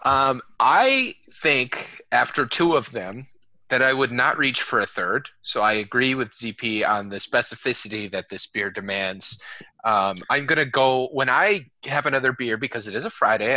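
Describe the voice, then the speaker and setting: A man's voice: mid-range voice, moderate pace, pushed and bright, no echo, lo-fi sound. A young adult man co-hosting a beer podcast, joking and swearing in casual banter over a video call. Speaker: podcast co-host. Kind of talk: casual chat.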